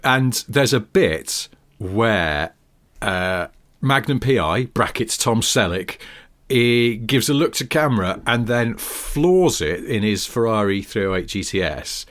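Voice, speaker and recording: Low-voiced british guy cohosting a chatty podcast, really lively, keeps laughing and humming tunes. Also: takes it slowly. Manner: animated, laughs often, scats theme tunes. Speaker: podcast co-host. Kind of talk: casual chat.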